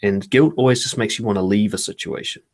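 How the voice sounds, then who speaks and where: A man talking in a relaxed podcast conversation as a guest author, acting out other people's thoughts and swearing casually. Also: fairly low pitch, fast talker. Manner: animated, acts out quoted thoughts, swears casually.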